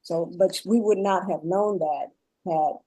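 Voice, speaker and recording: A woman guest on a panel, explaining her caregiving experience in earnest, measured phrases. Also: on the low side, warm tone, slightly rough, dry recording, rough recording. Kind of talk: panel discussion.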